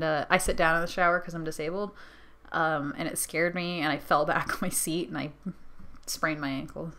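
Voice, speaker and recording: A woman's voice: fairly low pitch, bright, forceful tone. A young woman ranting casually to her camera, rambling and giggly with sarcastic asides, tired from a sleepless night. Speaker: vlogger. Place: her bedroom.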